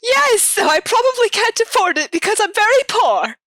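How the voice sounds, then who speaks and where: A player voicing a poor, excitable adventurer who squeals with glee. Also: very high voice, normal speed, exaggerated voice. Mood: excited.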